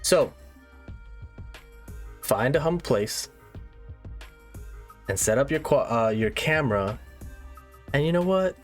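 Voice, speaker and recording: A man hosting a satirical tutorial monologue, mock-serious and lively, checking in with "all right?" again and again. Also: mid-range voice, takes it slowly, long pauses, soft background music. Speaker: comedic YouTuber host.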